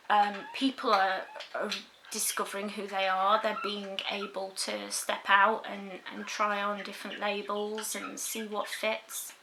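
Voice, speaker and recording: Young woman, personal vlog, halting and reflective, unhurried delivery, some background noise. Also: mid-range voice. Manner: thoughtful, halting, many ums. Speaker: vlogger. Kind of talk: casual personal talk to camera.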